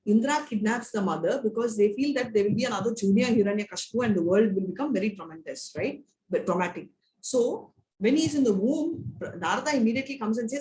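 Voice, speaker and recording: A woman with an Indian English accent and a mid-range, darkish voice teaches a devotional scripture class in a temple classroom, telling stories and often ending lines with "right?" and "you know." The room is echoey, with faint background noise.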